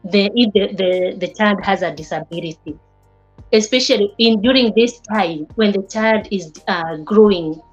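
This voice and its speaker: A woman teaching a class on early childhood development, speaking haltingly and often repeating or restarting words. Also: mid-range voice, soft background music. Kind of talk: class lecture with students. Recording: slightly dull lo-fi recording.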